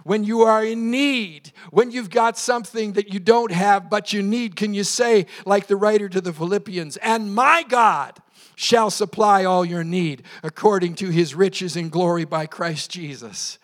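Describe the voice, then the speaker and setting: A man's voice: sits high, measured pace. A man preaching a sermon at a church service, quoting scripture with passion and leading the congregation in call and response. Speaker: pastor.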